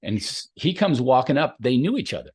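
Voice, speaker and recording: A man's voice: a little fast, slightly rough. A man in his fifties, hosting a podcast chat, telling stories and acting out other people's lines. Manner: animated, acts out quotes with big pitch jumps. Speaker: host and jump coach. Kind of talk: casual storytelling chat.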